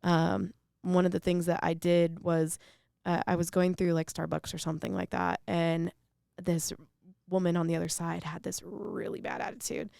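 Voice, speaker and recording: A woman guesting on a podcast speaks in a low, gravelly voice that still sounds smooth, full, and warm, telling her stories earnestly and reflectively in a casual interview conversation. Her delivery is flat at a moderate pace. The recording is dry and close, with no room sound.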